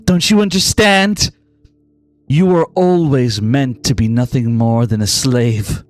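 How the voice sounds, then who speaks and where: A man's voice: mid-range voice, slow, dry recording, faint music behind, lightly acted. A man voicing a scornful witch who taunts from inside someone's head in a tabletop game.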